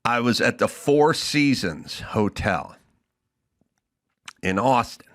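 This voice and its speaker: Bright-voiced man in a profane rant. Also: medium pitch, lively intonation, slow pace. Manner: profane, exasperated ranting. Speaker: podcast host. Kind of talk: comedic rant.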